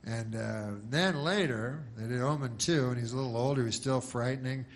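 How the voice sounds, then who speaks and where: A man doing stand-up in a flat, deadpan ramble that wanders through digressions and hesitations. His voice sits in an ordinary middle pitch. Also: brisk. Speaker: stand-up comedian. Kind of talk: stand-up comedy.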